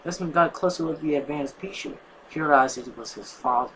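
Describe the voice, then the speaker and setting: A reader reading a fan story aloud in a halting way, stumbling over words. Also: mid-range voice, a bit bright, rough recording.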